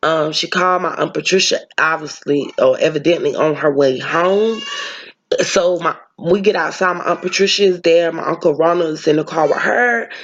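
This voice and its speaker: A woman's voice: sits low, normal speed, highs cut off. A woman vlogger telling a personal story, talking earnestly and emotionally straight to her viewers.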